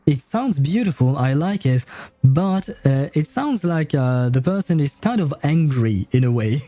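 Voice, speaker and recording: A man's voice: a little high, expressive, unhurried, warm tone, no room sound. A young man, chatting casually to his stream audience while he plays. He is hesitant, with lots of filler sounds and chuckles. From France. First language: French. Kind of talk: casual gameplay commentary.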